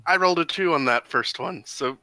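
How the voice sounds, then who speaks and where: A tabletop player speaking in an earnest, slow way, partly in character. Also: medium pitch, sharp tone, no room sound. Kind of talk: in-character play at a tabletop game.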